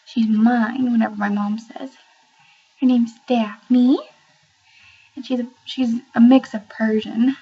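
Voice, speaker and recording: A woman's voice: fairly high pitch, level tone, slow pace, pauses often, slightly rough, dull audio. A young woman filming an awkward, rambling video message at home. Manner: awkward, rambling, self-conscious. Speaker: vlogger. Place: family home, near the kitchen.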